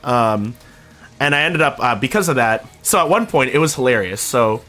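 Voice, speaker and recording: A man's voice: normal speed, soft background music. A young man from Canada casually telling a story to his stream chat, swearing now and then and acting out quotes. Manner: animated, swears casually, acts out quotes with big pitch jumps.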